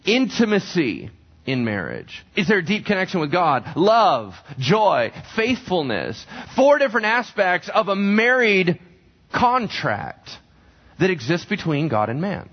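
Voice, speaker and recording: A man's voice: high voice, huge pitch swings, measured pace. A man preaching a sermon as a pastor, talking conversationally and asking the congregation questions. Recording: dull lo-fi recording.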